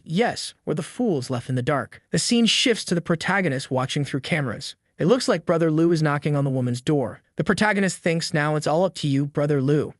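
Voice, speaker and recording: A man's voice: on the high side, no echo, clean studio sound. A man narrating a comic story recap, reading every character's lines himself and dropping wry, joking asides to the viewers.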